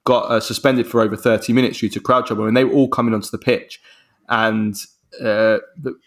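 A man co-hosting a football chat podcast, telling stories in a rambling way. He restarts his sentences often and gets animated as he goes. His voice sits at an ordinary middle pitch. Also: brisk. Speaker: podcast co-host.

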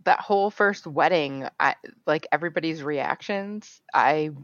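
A woman chatting casually on a podcast, expressive and playful. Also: low voice, measured pace, no echo, highs cut off. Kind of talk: casual chat.

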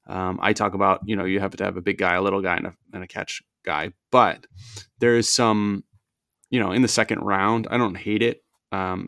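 A man hosting a casual sports podcast, chatty and opinionated with quick asides. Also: fairly low pitch, gravelly, a bit bright, no room sound, studio quality.

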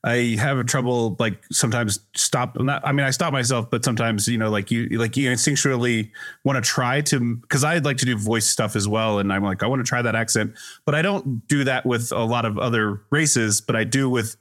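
A man's voice: mid-range voice, fairly quick, fairly bright tone. A man guest on a podcast, telling stories in casual chat, rambling with many fillers. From Denver area. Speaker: improv performer guest.

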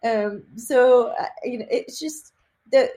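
A woman from Texas, a psychic medium, chatting in an interview and telling lively stories with many fillers and laughs. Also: mid-range voice, normal speed. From Austin, Texas. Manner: animated storyteller, laughs often, many fillers. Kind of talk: casual interview chat.

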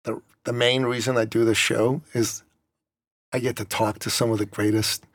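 A man's voice: mid-range voice, flat delivery, moderate pace, dry recording, studio quality. Enthusiastic male podcast host. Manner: eager, enthusiastic interjections. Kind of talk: casual interview chat.

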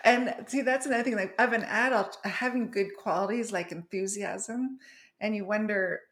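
A woman hosting a casual conversation, an animated storyteller who laughs often. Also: medium pitch, moderate pace. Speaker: podcast host.

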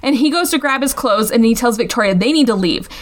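A woman's voice: fairly high pitch, lively intonation, fast talker. A woman chatting casually as she recaps a movie plot, with lots of fillers and asides. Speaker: podcast host.

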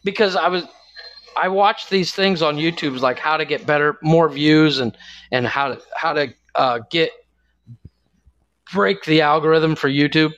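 A man's voice: fairly high pitch, a little slow, a bit bright, dry recording, lo-fi sound. A man co-hosting a casual podcast, telling stories with lots of laughter and acted-out quotes. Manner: storytelling, laughs often, acts out quotes. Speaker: podcast co-host. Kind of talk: casual chat.

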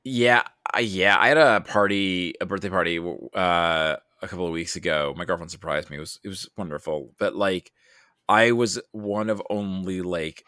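A man's voice: low voice, moderate pace, bright, forceful tone, smooth, dry recording, studio quality. A man hosting a podcast, chatting casually in a rambling, self-deprecating way and acting out what his friends said. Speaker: podcast host. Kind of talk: casual chat.

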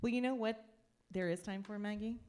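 A woman's voice: medium pitch, darkish tone, clean tone. A woman in her thirties co-hosting a live comedy podcast, teasing and laughing along with her co-host. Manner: teasing, quick to laugh, plays along with bits. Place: comedy club stage before a live audience. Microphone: handheld stage microphone.

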